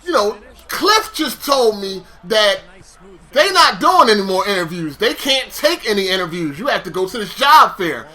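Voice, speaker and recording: A young man casually telling a story, animated, swearing and acting out conversations. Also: sits high, normal speed.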